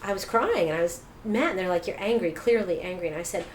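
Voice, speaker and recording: A middle-aged woman tells her story as an interview guest, jumping up in pitch when she acts out other people's lines. The room sounds echoey, with a faint hiss behind her. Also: expressive, fast, few pauses.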